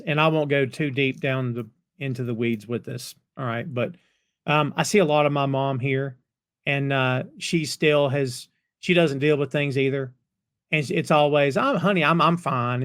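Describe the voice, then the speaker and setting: A man hosting a casual review chat, retelling scenes with animated storytelling and acted dialogue. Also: mid-range voice, normal speed, clean tone, no room sound, clean studio sound. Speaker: podcast host.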